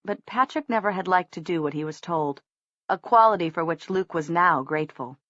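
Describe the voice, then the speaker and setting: Woman narrator, audiobook reading, measured, muffled, dry studio sound. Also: fairly low pitch, animated, a bit bright, dry recording. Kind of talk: scripted narration.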